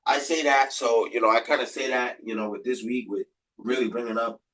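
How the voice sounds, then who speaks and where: A man's voice: medium pitch, fairly even intonation, a little fast, fairly bright tone, recorded from a distance. A man hosting a podcast, giving rambling, motivational sports commentary with lots of repetition and fillers. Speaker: podcast host.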